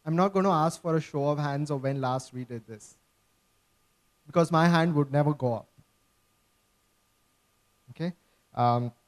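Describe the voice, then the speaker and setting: A man's voice: on the high side, darkish tone. A man preaching a sermon, earnest and emphatic, often checking in with his listeners.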